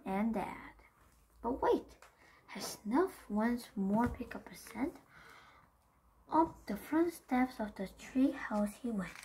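Slow, gentle woman reading to kids. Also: mid-range voice, slightly rough. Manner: gentle, encouraging, simple words. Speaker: children's story reader. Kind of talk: reading a picture book aloud to kids.

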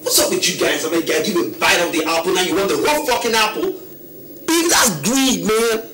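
A man's voice: high-pitched, lively intonation, a little fast, a loud crowd. An actor playing an arrogant young womanizer with a slangy, swaggering Nigerian accent who lashes out at his girlfriend. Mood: dismissive. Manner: cocky slangy swagger, swings into shouting.

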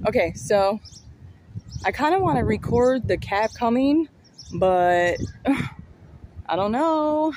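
A woman's voice: medium pitch, expressive, measured pace. A woman vlogger talking straight to her viewers, chatty and rambling, recorded outdoors on a phone. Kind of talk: casual vlog talk to camera. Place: outdoors by a street and train station. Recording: outdoor street noise and passing vehicles.

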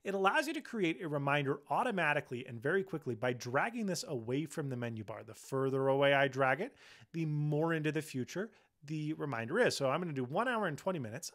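A young man hosting a tech channel, casually and enthusiastically demonstrating software while sounding tired and low on energy.

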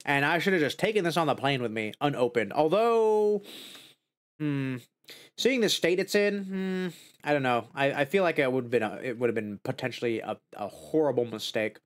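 A man streaming a casual snack tasting, excitable, jumping to high squeals of joy and dismay, then murmuring while he savors. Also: moderate pace.

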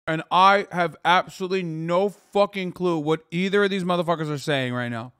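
A man's voice: sits high, moderate pace, hardly any pauses, a bit bright, smooth, dry recording. Profane, incredulous streaming man, dry sound. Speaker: streamer reacting to videos. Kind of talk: casual live-stream commentary.

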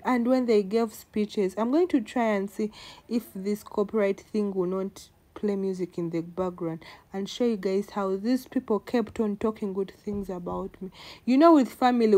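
A woman, talking to the camera in a casual vlog, heartfelt and emotional, repeating words for emphasis. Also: medium pitch. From Uganda. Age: 20s. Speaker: vlogger.

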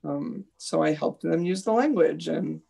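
Woman teacher telling classroom stories on a video call, gravelly and husky. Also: sits low, a little slow, mellow. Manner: earnest, recounts classroom stories with quoted dialogue. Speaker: teacher leading a discussion. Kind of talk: live online discussion, storytelling.

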